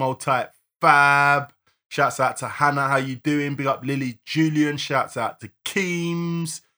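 A man co-hosting a casual live-streamed podcast, bantering and reeling off shout-outs to listeners. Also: mid-range voice. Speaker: podcast co-host.

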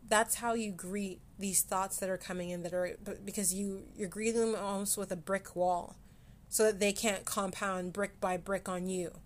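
A woman's voice: mid-range voice, fairly even intonation, moderate pace. A woman from Canada hosting a casual solo podcast, talking candidly with frequent restarts and casual swearing. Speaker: podcast host.

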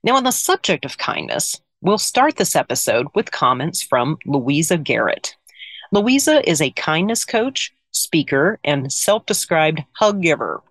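Woman, podcast host, scripted intro, chatty asides, expressive pitch, very dry recording. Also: unhurried, no room sound. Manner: conversational, asides to the listener. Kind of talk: scripted narration.

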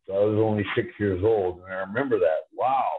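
A man's voice: on the low side, brisk, slight background noise. A man calling in as a guest on a sports talk show, telling rambling, fond stories about a former player. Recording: tinny phone line.

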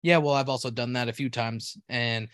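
A man's voice: mid-range voice, steady tone, normal speed, fairly bright tone, clear, resonant tone, dry recording, studio quality. A man telling a story in casual chat, rambling and profane, restarting his sentences often.

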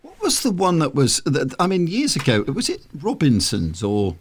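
A man's voice: a little high, wildly swooping pitch, normal speed, a little hiss or hum. A man, co-hosting a casual chat with a playful, teasing manner. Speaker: co-host.

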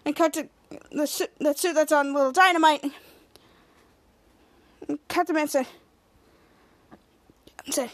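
A woman hosting a podcast, retelling a TV episode in a rambling way with many halting restarts, and acting out the characters' lines in animated voices. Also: high voice. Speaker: podcast host. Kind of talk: casual episode recap.

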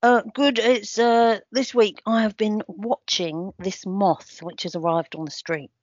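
A woman's voice: mid-range voice, a little slow, no echo, close to an everyday voice. A performer voicing Statman John, a daft, eccentric man who talks bluntly and keeps exclaiming. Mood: matter-of-fact. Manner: blunt, excitable, says bloody hell. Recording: dull lo-fi sound, dry.

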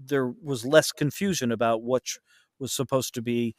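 A man's voice: medium pitch, fairly even intonation, moderate pace, no echo. Rambling man narrator, dry sound. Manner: rambling, many fillers and restarts. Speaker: audiobook narrator guest. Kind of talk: casual interview chat.

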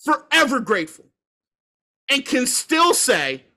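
A sports podcast host in full rant, swearing and hammering the same words again and again. The voice leaps all over its range with a bright, cutting edge. It sounds like casual sports talk that has boiled over. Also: sits high, expressive, moderate pace. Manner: heated, profane ranting; emphatic repetition.

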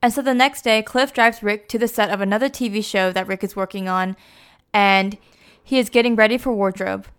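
A young woman recounts a story in a relaxed, chatty way, peppering it with fillers. Her voice is smooth and clear, sitting at an ordinary middle pitch. She talks like she is catching up with a friend. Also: fairly quick. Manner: chatty, lots of "like" and "you know". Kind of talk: casual plot retelling.

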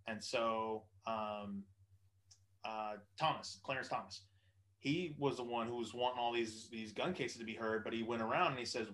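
A man's voice: mid-range voice, steady tone, normal speed, a bit bright, low-quality recording. Rambling, profane man hosting a chat. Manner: rambling, profane, with many fillers. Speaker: podcast host. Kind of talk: casual political chat.

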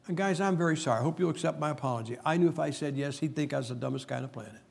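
Guy giving a jokey sermon, kinda husky, a bit high, tells stories and hammers his points. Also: rapid-fire, few pauses, darkish tone. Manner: joking, storytelling, emphatic preacher. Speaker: preacher. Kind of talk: humorous sermon.

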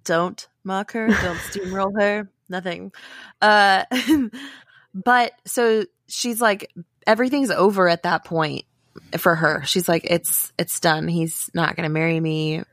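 A woman co-hosting a podcast in casual chat, animated and laughing, acting out quotes from the film. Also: medium pitch, slow pace, dry recording, clean studio sound. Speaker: podcast co-host.

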